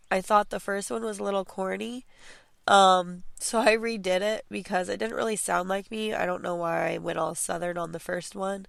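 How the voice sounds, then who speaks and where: Gravelly-voiced woman, chatty podcast host. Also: mid-range voice, dry recording. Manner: chatty, encouraging, many fillers and restarts. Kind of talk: casual clean-with-me podcast talk. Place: home.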